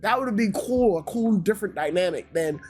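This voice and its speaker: A man's voice: high-pitched, lively intonation, fairly quick, a little mellow, soft background music. A man giving a casual, ranting review, swearing heavily and sounding exasperated. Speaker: YouTube reviewer.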